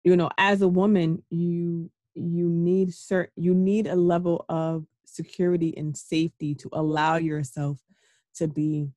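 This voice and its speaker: A woman's voice: lowish voice, flat delivery, a little slow, dark tone, no echo, clean studio sound. A woman hosting an interview, gushing with enthusiasm. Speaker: podcast host. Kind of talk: conversational interview.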